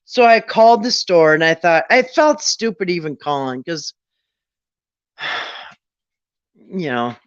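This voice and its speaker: A man's voice: on the high side, sing-song, unhurried, pauses often, smooth, no echo. A middle-aged man telling a personal story in a casual, rambling way, often restarting and quoting his own thoughts. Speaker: storyteller on a late-night chat. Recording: dull, dry lo-fi sound.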